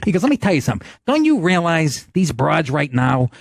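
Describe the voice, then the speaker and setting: A middle-aged man hosts a call-in podcast, laughing his way through profane stories. His voice sits fairly high and leaps around. The sound is dry and close. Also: a little fast, gravelly, no room sound. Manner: animated, profane storyteller who laughs a lot. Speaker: podcast host.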